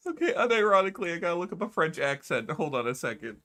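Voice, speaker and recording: A man's voice: a little high, very animated, fast, hardly any pauses, bright, forceful tone, a little hiss or hum. A man streaming a video game who chats casually and playfully with his viewers, laughing often. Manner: giggly, playful, talks to chat. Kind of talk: casual live-stream chat.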